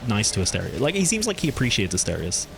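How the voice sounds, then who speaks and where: A man's voice: fast, vocal fry. Chatty male streamer thinking aloud. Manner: chatty, thinks aloud, lively swings in pitch. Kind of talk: casual gameplay commentary.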